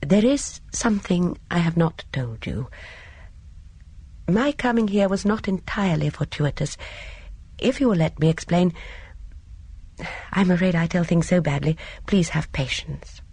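A woman voicing a gentle, apologetic elderly spinster sleuth in an audiobook, hesitant and flustered, with a breathy tone. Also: on the low side, expressive, measured pace, pauses often, no echo, heavily acted. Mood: fretful. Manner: hesitant, flustered, soft-spoken. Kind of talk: audiobook character voice.

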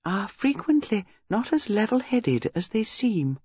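A man's voice: sits high, sing-song, a little slow, darkish tone, breathy edge, dry recording, pitched above the performer's own voice, heavily acted. A man voicing a prim elderly spinster. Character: mild, old-fashioned elderly spinster. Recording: dull lo-fi recording.

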